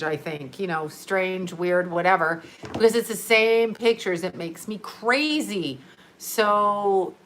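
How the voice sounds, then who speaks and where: A woman's voice: medium pitch, fairly bright tone. A woman hosting a casual livestream, chatting loosely with viewers, rambling and laughing often. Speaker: livestream host. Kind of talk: casual live-stream chat.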